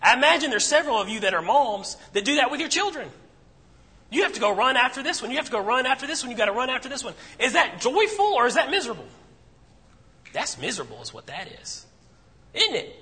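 A man's voice: very high voice, big pitch swings, quick pace, sharp tone. A man preaching a sermon to a congregation in a conversational way, asking rhetorical questions and repeating phrases for emphasis. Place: church assembly room. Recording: long church-hall reverb.

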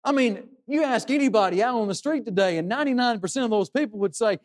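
A man's voice: very high-pitched, fast talker. A man preaching a sermon in an earnest way, asking rhetorical questions and dropping his voice for emphasis.

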